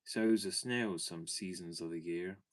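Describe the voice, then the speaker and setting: A man's voice: sits low, unhurried. A man voicing a talkative working-class railway porter in a broad rustic dialect for a storybook reading. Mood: chatty.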